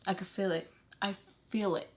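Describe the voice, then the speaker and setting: A young woman vlogger telling a storytime in a lively, slangy way, swearing and saying "like" often. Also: mid-range voice, normal speed. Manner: animated, slangy, swears, heavy "like". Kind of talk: casual storytime.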